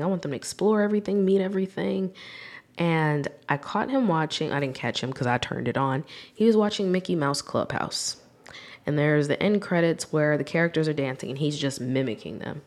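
A young woman talking candidly and reflectively on her own podcast as host, growing animated when she acts out scenes. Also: low-pitched. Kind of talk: solo podcast monologue.

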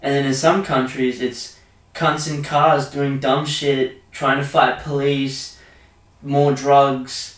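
A man's voice: mid-range voice, slow pace, far from the mic. Sweary young Australian man, off-mic. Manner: crude, animated rants full of swearing. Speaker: podcast co-host. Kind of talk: casual podcast chat. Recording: echoey room, off-mic.

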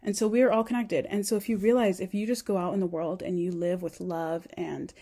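A woman's voice: on the low side, fairly even intonation, fairly quick, warm tone. A young adult woman giving an earnest, rambling self-help monologue to camera, full of "like" fillers. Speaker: vlogger.

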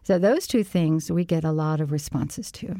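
A middle-aged woman guest with a mellow, somewhat low voice. She speaks gently and reflectively, offering encouragement and pausing often with a thoughtful "um". The sound is dry and close. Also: no echo. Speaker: interview guest, parent support co-founder. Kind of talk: casual conversation.

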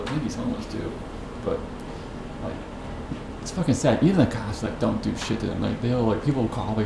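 With a medium-pitched voice and vocal fry, a podcast host tells his story as a rambling rant full of profanity and disbelief. Echo and background noise fill the room around his podcast mic.

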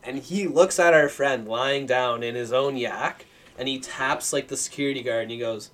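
A man's voice: medium pitch, moderate pace, fairly bright tone. Rambling young man telling a story. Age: young adult. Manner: rambling, filler-heavy, profane. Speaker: podcast guest. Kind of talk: casual storytelling.

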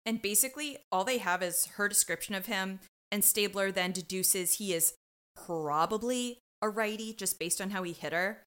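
A woman's voice: medium pitch, moderate pace, a bit bright, clear, resonant tone. A woman co-hosting a podcast, recapping an episode in casual chat with playful joking asides. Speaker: podcast co-host.

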